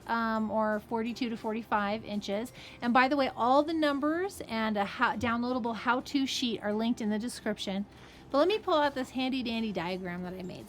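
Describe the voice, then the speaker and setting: Woman, fabric shop owner, casual sewing tutor, slightly high voice, friendly asides, soft music behind. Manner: chatty, friendly asides, frequent "okay?" and "right?".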